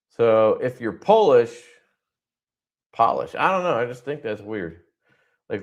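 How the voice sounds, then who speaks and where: Rambling, swearing man on a livestream. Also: medium pitch. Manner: rambling, profane, laughs often. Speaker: livestream host. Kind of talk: casual livestream chat.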